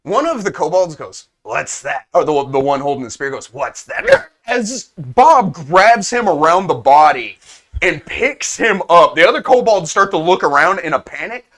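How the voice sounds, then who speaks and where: A man narrating a tabletop game as game master in a relaxed, descriptive style. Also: on the high side, moderate pace.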